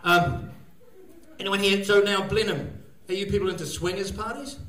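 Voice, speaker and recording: Rambling crude New comedian. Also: male voice, high-pitched, steady tone, moderate pace, bright, forceful tone. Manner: rambling, crude, self-mocking, laughing at own jokes. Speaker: stand-up comedian. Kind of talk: stand-up comedy set. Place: comedy gig venue, live audience. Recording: echoey live venue.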